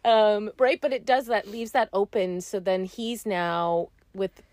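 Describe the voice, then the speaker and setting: A woman co-hosting a podcast in casual chat, playful and quick to laugh, acting out imagined dialogue. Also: mid-range voice, fairly even intonation, darkish tone, no room sound. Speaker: podcast co-host, small business banker.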